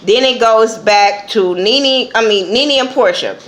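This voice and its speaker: A woman with a somewhat high voice gives her blunt take on a TV episode, swearing freely. She talks in a casual, loose vlog style, acting out what others said. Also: a little slow, fairly bright tone. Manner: blunt and profane, acts out quotes. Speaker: TV episode reviewer.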